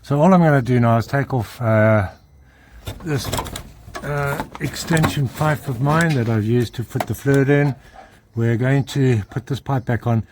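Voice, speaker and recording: A man's voice: mid-range voice, a little slow, background noise. A man working as a mechanic, giving a hands-on how-to demonstration and explaining each step while he works under a car in a garage.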